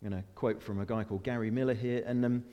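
A man preaching a sermon in an earnest manner, slowing down for weighty scripture readings and breaking into chatty, self-deprecating asides. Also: fairly low pitch, fairly even intonation, long reverb tail, dull audio. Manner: earnest, with rising emphatic peaks and slowed, weighty readings.

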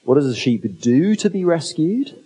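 A man's voice: a little high, very animated, moderate pace, dark tone, husky, poor audio. A man preaching a conversational sermon, asking the listeners questions and adding humorous asides. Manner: conversational, asks rhetorical questions. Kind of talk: expository sermon.

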